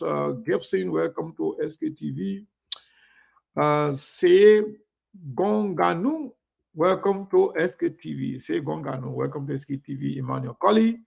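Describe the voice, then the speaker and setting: A man hosting an online live show, greeting viewers by name in a chatty way. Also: a little high. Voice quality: gravelly. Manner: chatty, reads viewer names aloud warmly.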